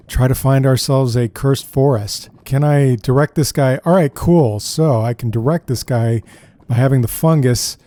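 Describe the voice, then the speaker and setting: A man giving casual let's-play commentary as he plays, chatty and thinking out loud. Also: mid-range voice. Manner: chatty, thinks aloud, often says "dude". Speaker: gameplay commentator.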